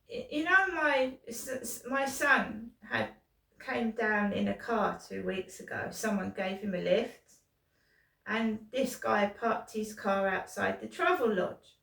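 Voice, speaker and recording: A middle-aged British woman in pain rambles through a profane vlog monologue full of restarts. Her voice is gravelly, slightly high, and slow. She sits away from the mic in an echoey room. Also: fairly bright tone, recorded from a distance. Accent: British English. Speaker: vlogger.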